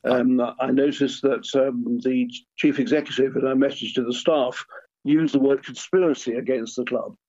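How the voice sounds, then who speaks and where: An older man speaks as a guest on a radio interview, hesitant and earnest, often restarting his words. His voice is a little husky. The line sounds dull and lo-fi. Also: mid-range voice, steady tone, normal speed, a little mellow. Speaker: guest, former football club chairman.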